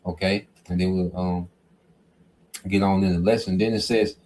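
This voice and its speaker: Male bible teacher, low voice, chatty, keeps asking "okay?". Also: fairly even intonation, moderate pace, darkish tone, slight background noise. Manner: conversational, peppered with "okay?" and "man". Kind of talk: informal scripture teaching.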